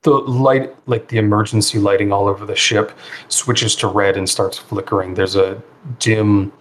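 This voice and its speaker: A man narrating a tabletop role-playing game as game master, in a relaxed way with many fillers. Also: fairly low pitch, normal speed, slight background noise. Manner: relaxed, filler-heavy narration with frequent ums and likes.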